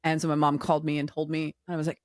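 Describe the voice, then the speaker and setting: A woman in her forties co-hosting a podcast, telling stories in a candid, animated way with quoted dialogue. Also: deep voice, racing, no room sound, studio quality. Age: 40s. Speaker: podcast co-host. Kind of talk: casual chat.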